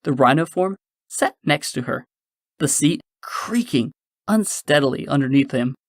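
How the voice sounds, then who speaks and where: A man narrating a science-fiction audiobook in a measured storytelling manner. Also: fairly high pitch, expressive, dry recording, clean studio sound. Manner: measured storytelling, shifting into character voices.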